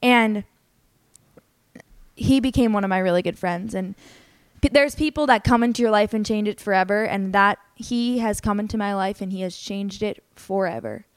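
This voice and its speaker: A woman's voice: medium pitch, moderate pace, smooth, no room sound. A young adult woman hosting a podcast, telling a personal story in an earnest, candid, emotional way, with many "like" fillers. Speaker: podcast host.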